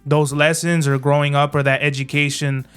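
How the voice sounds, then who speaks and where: A young man with a fairly high, smooth and resonant voice, chatting as a podcast guest. He speaks in a loose, slangy way, often restarting his sentences, with quiet music beneath. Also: level tone, normal speed. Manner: laid-back, slangy, hesitant restarts. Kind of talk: casual chat.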